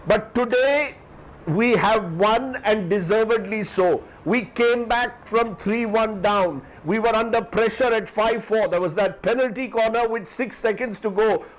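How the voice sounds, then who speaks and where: A man in his fifties with an Indian English accent, giving emotional live news commentary, teary-eyed and fervent, with halting restarts. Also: high-pitched, rough recording. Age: 50s.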